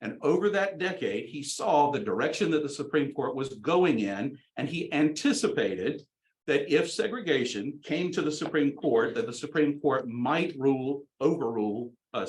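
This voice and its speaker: Man, mid pitch, lecturer who leans hard on key words and repeats dates. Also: low-quality recording. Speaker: guest lecturer. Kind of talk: history lecture.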